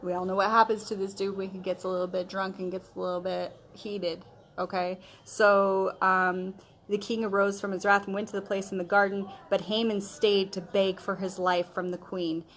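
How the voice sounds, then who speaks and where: A woman's voice: medium pitch, little pitch movement, moderate pace, a little hiss or hum. A woman leading a casual Bible study, retelling scripture in a chatty, slangy way, with many fillers. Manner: conversational storytelling, retelling scripture in modern slang; chatty, with frequent fillers like okay and um.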